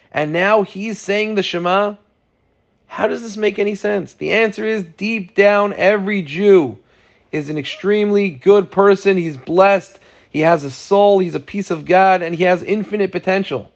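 A man's voice: high-pitched, moderate pace, dull audio. A man giving an earnest sermon, telling a story to make his point. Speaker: preacher.

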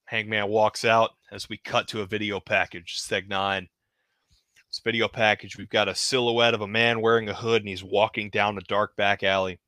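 A man hosting a podcast, narrating wrestling action in excited, casual play-by-play. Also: fairly low pitch, moderate pace, no room sound. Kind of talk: play-by-play storytelling.

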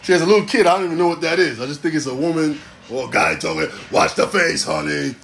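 A man in his forties delivering a casual comedic monologue, animated, preachy and full of profanity. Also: a little high, very fast, vocal fry, slight background noise. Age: 40s.

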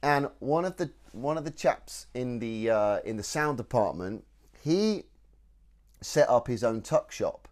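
A man's voice: medium pitch, expressive, measured pace, darkish tone. A British man, a podcast co-host, telling a story in casual chat with rambling restarts.

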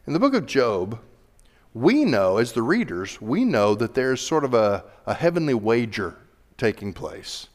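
A male pastor preaching a sermon in a church, animated, building to loud emphatic peaks. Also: mid-range voice, a little slow. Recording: reverberant hall.

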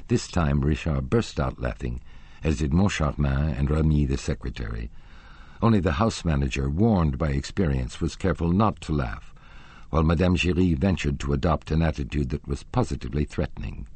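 A man narrating an audiobook with expressive storytelling. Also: a bass voice, normal speed, slightly rough, no echo. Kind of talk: audiobook reading.

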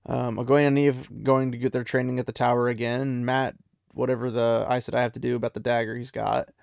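A man's voice: mid-range voice, flat delivery, fast talker, gravelly, darkish tone, dry recording. A man casually retelling a fantasy story in a chatty, loose way, with many "he's like" asides.

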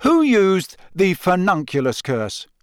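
A man's voice: high-pitched, huge pitch swings, slow pace, clean tone, no echo, pitched above the performer's own voice, exaggerated voice. A wry teenage prankster, voiced by a man, with a dry sense of humor. His voice sits somewhat above the reader's own, in a close and dry recording.

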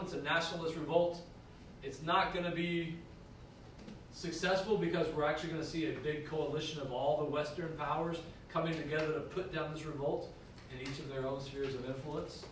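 Man teaching history, higher voice, recorded from far off in an echoey classroom with background noise. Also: a bit bright. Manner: conversational, checks in with students. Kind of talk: classroom lecture.

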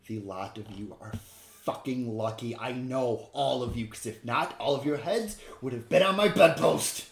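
A man voicing a fierce, guarded woman who turns to hushed whispers in private, in an echoey room. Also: low-pitched, normal speed, lightly acted. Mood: harsh. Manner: blunt, then hushed whispering.

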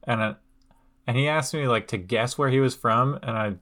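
A man hosting a casual history podcast, talking loosely with many fillers and quick laughs. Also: medium pitch, fairly bright tone. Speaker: podcast host.

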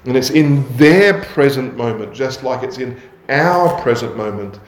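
A man preaching a sermon in a measured way, building on emphatic repetition. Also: mid-range voice, animated, echoey room.

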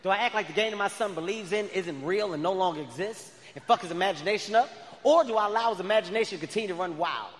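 A man in his thirties performing a stand-up comedy set, telling stories with loud animated outbursts. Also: high voice, fast. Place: large arena stage. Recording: live arena with long reverb.

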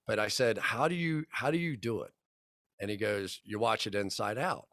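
A man's voice: on the low side, moderate pace, creaky, a bit bright, dry recording. Storytelling man in his fifties, dry sound. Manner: rambling anecdotes with restarts and quoted dialogue. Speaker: football broadcaster guest. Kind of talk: casual podcast storytelling.

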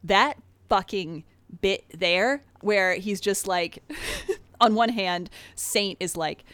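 Excitable woman chatting about game lore. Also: medium pitch, slow pace, dry recording. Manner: excited, swearing, filler-heavy.

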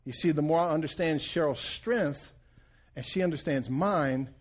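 Folksy pastor, man with a higher voice. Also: normal speed. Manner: folksy storytelling with jokes and audience check-ins. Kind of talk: sermon.

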